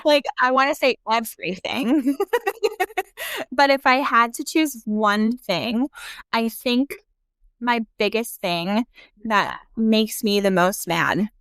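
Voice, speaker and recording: Young woman podcast guest, slow frank talk, laughs a lot, dry close mic. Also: medium pitch, a bit bright, clean tone, dry recording. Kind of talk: casual conversation about grief.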